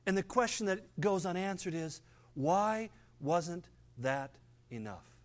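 An older man giving a sermon as pastor, conversational, with playful asides and passages where he drops low and quiet for emphasis. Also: animated, normal speed.

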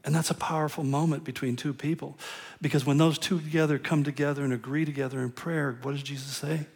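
A man's voice: a little high, fairly even intonation, quick pace, gravelly, darkish tone. A middle-aged man preaching a sermon as pastor, conversational and self-deprecating, often chuckling at his own jokes.

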